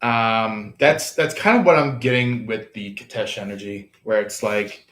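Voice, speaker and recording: A man's voice: on the low side, unhurried, fairly bright tone. A man giving a casual tarot reading, rambling with many fillers and restarts. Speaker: tarot reader.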